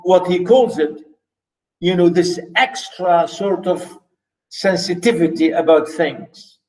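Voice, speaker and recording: A man's voice: on the high side, a little mellow. A man lecturing on a story, repeating key words for emphasis and asking rhetorical questions. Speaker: literature lecturer. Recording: echoey room.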